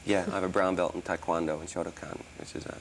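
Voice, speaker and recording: A man's voice: low-pitched, level tone, fast, gravelly, slight background noise. A man in his thirties, originally from Australia, with an American accent and traces of Australian, talking casually and rambling with many restarts as an interview guest. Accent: mostly American, traces of Australian. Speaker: interview guest, musician and actor.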